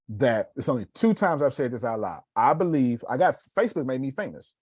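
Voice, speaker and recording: A man giving a casual, preacherly motivational talk on live video, swinging between loud bursts and hushed asides. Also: medium pitch, sing-song, brisk, slightly rough, dry recording.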